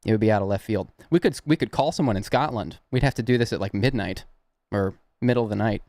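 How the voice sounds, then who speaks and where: A man's voice: fairly low pitch, fast, darkish tone, no echo. A young man from the Southern United States with a Southern accent, hosting a prank-call livestream and chatting casually with his viewers in a rambling, chuckling way. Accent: Southern American. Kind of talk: casual live-stream chat.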